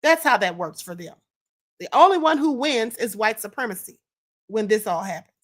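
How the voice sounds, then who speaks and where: A woman's voice: fairly high pitch, animated, moderate pace. A woman hosting a live stream, giving casual opinionated commentary on clips and reading viewer comments aloud.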